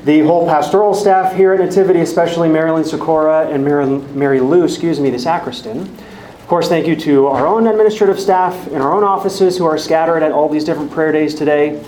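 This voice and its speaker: A man's voice: fairly high pitch, fairly quick, darkish tone, a little hiss or hum. A man who teaches a Bible study, giving friendly, organized announcements to a live group in a church hall. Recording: echoey church hall, faint ambience.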